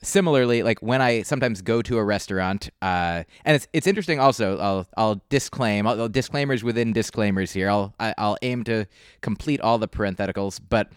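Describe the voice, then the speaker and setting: Smooth-voiced American man musing. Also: on the low side, brisk, dry recording, studio quality. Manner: digressive, playful, self-aware asides. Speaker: comedian guest. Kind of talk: casual interview chat.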